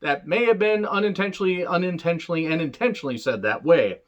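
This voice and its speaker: A man's voice: fairly high pitch, big pitch swings, fast talker, highs cut off. A man who reviews wrestling shows in a casual, sarcastic way, with a lot of swearing and jokes. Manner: sarcastic, joking, rambling. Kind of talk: casual profane commentary.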